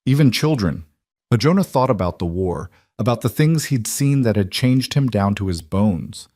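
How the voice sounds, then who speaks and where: A man reading a frontier story aloud as narrator, in a steady, measured storytelling manner. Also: fairly low pitch, no room sound, studio quality. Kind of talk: scripted narration of a western story.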